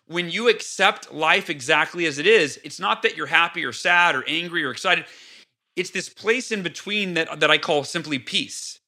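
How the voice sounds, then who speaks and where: A man with a high, very bright and forceful voice tells stories in a casual podcast chat. He acts out his own past outbursts with lively energy, then settles back into calm explanation. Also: normal speed. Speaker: podcast guest. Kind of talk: casual interview talk.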